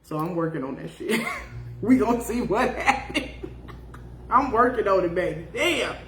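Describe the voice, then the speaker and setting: A woman's voice: mid-range voice, animated, measured pace, a bit bright, roomy sound. A woman in her fifties hosting a casual live chat, reading out viewer comments in a blunt, profane way and laughing often. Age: 50s. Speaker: podcast host.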